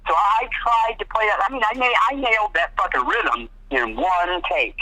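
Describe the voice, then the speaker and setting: A man's voice: high voice, normal speed, poor audio. A man telling studio stories in a casual interview, swearing freely and acting out what others said. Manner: animated, swearing, acts out quotes in other voices. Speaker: guest guitarist.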